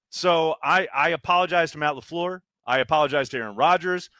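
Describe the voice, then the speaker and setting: Man, sports podcast co-host, casual chat, rambling storyteller, bright tense voice, dry recording. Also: on the high side, a little fast, no room sound. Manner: animated, rambling storyteller who mimics fans.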